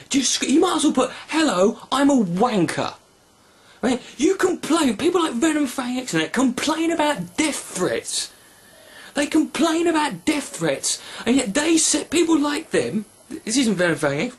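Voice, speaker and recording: A young man, a video blogger, delivering a sarcastic, profane rant with animated outbursts. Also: very high voice, slightly rough.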